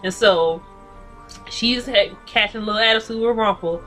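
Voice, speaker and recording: A woman's voice: mid-range voice, normal speed, a bit bright, faint music behind. A woman giving a casual, blunt and profane recap of a TV episode, ranting about the characters. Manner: blunt, profane, sassy commentary. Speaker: TV recap reviewer.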